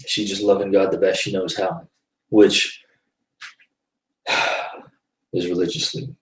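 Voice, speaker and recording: A man speaks slowly in a low, level voice while hosting a live web broadcast, loosely recounting a personal story in a casual faith-based monologue full of sighs and laughter. The distant recording has roomy echo and a little hiss or hum.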